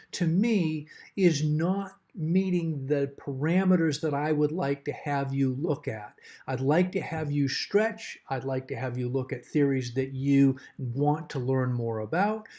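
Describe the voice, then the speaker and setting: Measured man with a mellow voice. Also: on the high side. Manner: measured, emphatic, repeats key words. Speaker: course instructor. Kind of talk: recorded course assignment overview.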